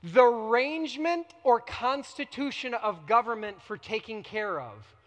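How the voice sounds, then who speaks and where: A man preaching a sermon as a pastor, emphatic, with dramatic pauses and repetition. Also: extremely high pitch, lively intonation, a bit bright, long reverb tail. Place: church sanctuary.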